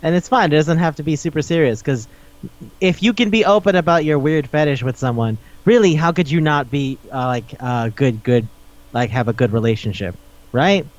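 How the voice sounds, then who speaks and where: A man's voice: fairly high pitch, normal speed, highs cut off. A man hosting a podcast in casual chat, rambling through a recap, swearing often and laughing as he talks. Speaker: podcast host.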